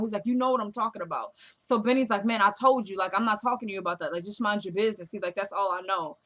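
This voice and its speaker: A woman casually recapping a TV drama episode, retelling scenes as quoted dialogue with a chatty, animated delivery. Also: medium pitch, fast, few pauses. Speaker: show recap vlogger.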